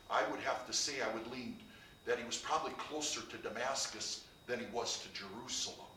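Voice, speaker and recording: A man's voice: medium pitch, sharp tone, slight background noise. A man preaching a sermon, building to emphatic, rising passages. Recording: echoey room, heard from a distance.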